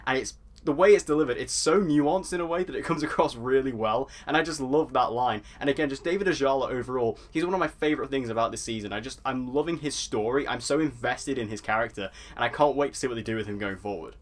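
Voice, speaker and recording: A man rattles quickly through his review of a TV episode, chatty and enthusiastic. His voice sits at an ordinary pitch and he piles on praise as he goes. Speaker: TV review vlogger.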